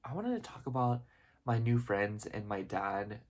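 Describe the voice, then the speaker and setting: A young man with a lowish voice speaks a little slowly in a casual, heartfelt vlog. He rambles, constantly saying "like" and "you know," and is openly emotional and gushing.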